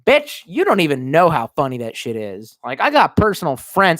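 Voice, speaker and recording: Brief: drunk male streamer from Baltimore, profane and mocking, lively swinging pitch, dry close sound. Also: moderate pace, hardly any pauses, dry recording. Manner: profane, mocking, shifts between yelling and muttering. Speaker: streamer reading chat. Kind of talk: casual livestream rant.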